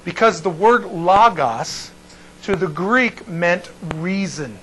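Man teaching Bible to a small class, rambling with restarts, slightly high voice, faint noise behind. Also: expressive, slow pace, pushed and bright, low-quality recording. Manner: digressive, restarts often, checks in with the class.

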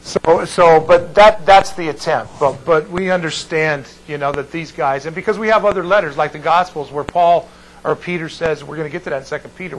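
A man's voice: on the high side, a little hiss or hum, low-quality recording. A man teaching a Bible class, digressing and breaking off mid-sentence while checking in with his students.

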